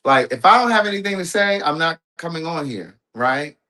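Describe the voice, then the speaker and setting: A man's voice: on the high side, lively intonation, a little fast, pushed and bright. A man hosting a home livestream, telling a personal story in a rambling way, with restarts and asides to his audience. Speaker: livestream host. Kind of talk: casual storytelling to viewers.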